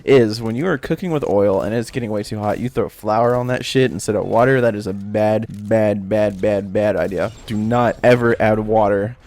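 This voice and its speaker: A man's voice: on the low side, normal speed, hardly any pauses, darkish tone. Young man telling a story with heavy swearing. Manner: swearing, screams in acted-out panic. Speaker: storytelling vlogger. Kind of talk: casual animated storytelling.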